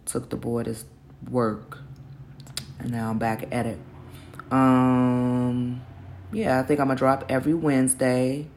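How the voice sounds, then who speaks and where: A woman's voice: extremely low pitch, flat delivery, slow pace, pauses often, darkish tone, slight background noise. A middle-aged woman hosting a casual solo podcast, talking candidly in slangy, self-encouraging speech, openly nervous, her voice groggy from the early morning. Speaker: podcast host.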